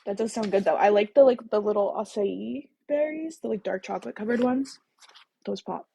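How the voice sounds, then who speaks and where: Chatty woman with a gravelly edge. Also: medium pitch, normal speed, mellow, low-quality recording. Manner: chatty, bubbly, jokey asides. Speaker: host of a book-reading livestream. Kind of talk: casual live chat with viewers.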